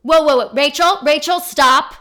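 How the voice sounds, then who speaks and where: A woman's voice: on the high side, fairly even intonation, brisk, lightly acted. A woman reenacting an irritated, condescending female insurance agent on a phone call for her podcast. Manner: clipped and impatient, then flustered and apologetic.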